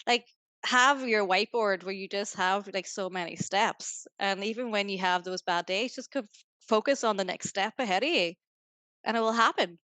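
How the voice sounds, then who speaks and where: A Northern Irish woman chats as a podcast guest, upbeat and motivational, rambling along with plenty of "like"s. Her voice is smooth and resonant, and it is recorded close and dry with no room sound. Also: medium pitch, moderate pace, bright, forceful tone, dry recording. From Northern Ireland. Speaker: guest, business founder. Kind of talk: casual podcast interview.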